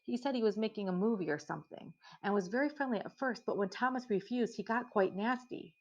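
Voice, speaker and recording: A woman voicing a worried middle-aged farmer's wife, flustered, with her pitch rising as she talks. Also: brisk, close to an everyday voice. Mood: fretful. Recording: dull lo-fi recording.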